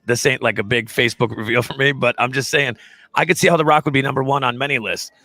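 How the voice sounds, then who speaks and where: A man's voice: mid-range voice, steady tone, quick pace, bright, forceful tone, dry recording. A man hosting a casual live show, joking around with his co-host and reading viewer comments. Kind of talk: casual live-stream chat.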